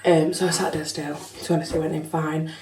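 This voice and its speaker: A woman's voice: deep voice, level tone, a little fast, a little mellow, slight background noise. A young woman telling her story in a chatty, frank vlog, swearing casually. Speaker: vlogger. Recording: echoey room, slightly far from mic.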